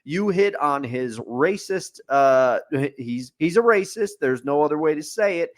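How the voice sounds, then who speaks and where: A man with a slightly high, expressive voice speaks a little slowly. Co-hosting a casual sports podcast, he is opinionated, picking things apart point by point and building lists around a repeated refrain.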